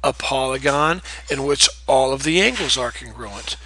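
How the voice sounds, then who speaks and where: A man's voice: mid-range voice, expressive, normal speed, bright, forceful tone, rough recording. Patient man teaching geometry. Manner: patient, repeats key terms, checks in with "okay?". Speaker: math teacher. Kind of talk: recorded classroom lecture.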